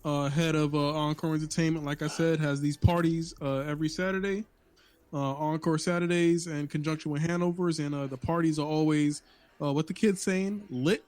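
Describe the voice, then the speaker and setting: He co-hosts a casual podcast with a New York accent, a profane, laughing storyteller who keeps restarting himself. His fairly high voice has a darkish tone, fairly even intonation, and a moderate pace.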